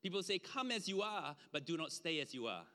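Guy preaching a sermon, chatty and emphatic, goes quiet for asides, echoey church hall. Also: big pitch swings, brisk. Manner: conversational, emphatic, drops low to an aside. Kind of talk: sermon with slides. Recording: long hall reverb.

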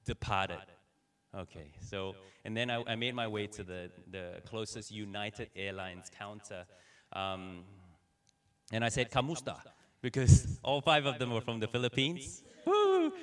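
A man preaching a sermon, telling personal stories in an animated way and acting out the dialogue. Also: fairly low pitch, measured pace, smooth. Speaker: pastor. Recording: voice somewhat distant from the mic.

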